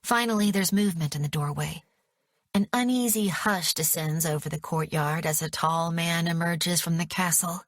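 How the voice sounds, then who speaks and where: A woman narrating an audiobook in the first person, measured and dramatic. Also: lowish voice, no room sound, studio quality.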